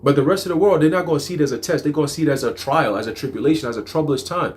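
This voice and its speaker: A man's voice: fairly high pitch, very fast, hardly any pauses, a little mellow. A man teaching scripture in a casual, emphatic way, slipping into acted-out quotes. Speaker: preacher. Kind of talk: livestreamed teaching.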